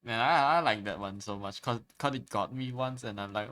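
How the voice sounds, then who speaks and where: A man's voice: fairly low pitch, normal speed, few pauses, a bit bright. A man casually chatting with his viewers while drawing on a live stream, laid-back and chuckling often, repeating words as he starts his sentences.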